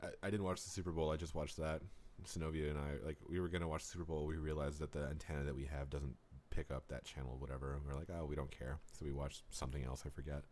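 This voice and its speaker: A man's voice: a bass voice, flat delivery, fast talker, darkish tone, a little hiss or hum. A young man co-hosting a casual podcast, bantering with dry, joking asides. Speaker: podcast co-host. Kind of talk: casual chat.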